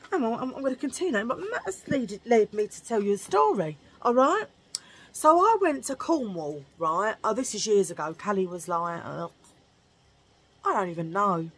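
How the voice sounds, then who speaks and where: A woman's voice: fairly high pitch, fairly bright tone, breathy edge. A woman vlogger telling a rambling story in a chatty, jokey way, laughing at her own remarks.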